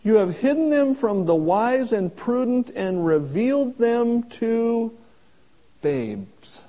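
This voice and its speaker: A man preaching a sermon in a folksy, plain-spoken way, slowing down to stress each scripture quote. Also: very high-pitched, big pitch swings, dark tone, rough recording. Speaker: pastor.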